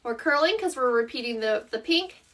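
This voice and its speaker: Her voice a little high, expressive and a bit bright, a Southern-accented woman runs a craft live stream at normal speed. She chats through each step and replies to viewers by name as she works, picked up on a distant mic.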